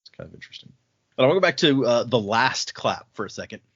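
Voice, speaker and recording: A man's voice: medium pitch, animated, fast, a bit bright, slightly rough, no room sound. A man hosting a casual book podcast, recapping chapters in a chatty way with many fillers. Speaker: podcast host. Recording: dull dry audio.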